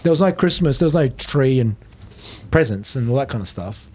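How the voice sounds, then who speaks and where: A middle-aged man tells stories as a podcast guest, with a mid-range voice. He swears freely and acts out the people in his anecdotes. The talk is loose and animated. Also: medium pitch, brisk, background noise. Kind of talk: storytelling in casual chat.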